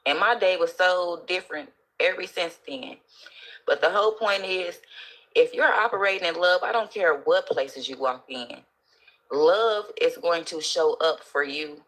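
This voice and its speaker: A woman casually telling a story as a guest, animated and acting out the voices of the people in it. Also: lowish voice, unhurried.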